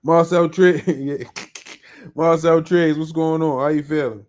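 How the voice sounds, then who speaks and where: A man's voice: a little high, steady tone, unhurried, a little mellow. A man hosting a live podcast in casual chat, upbeat and slangy as he greets viewers by name. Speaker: podcast host.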